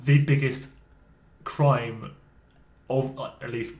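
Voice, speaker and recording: A man co-hosting a podcast in casual chat, animated and often searching for his words. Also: medium pitch, slow. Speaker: podcast co-host. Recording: echoey room.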